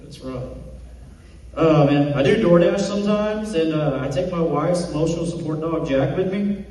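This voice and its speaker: A man performs a stand-up set, delivering self-deprecating jokes in a mellow, slightly high voice. He is picked up from far off on stage, and his words ring through a big echoey room with a long reverb tail. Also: moderate pace, a little hiss or hum. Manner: self-deprecating punchlines with acted quotes. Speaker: stand-up comic. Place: comedy club stage. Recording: distant echoey hall recording.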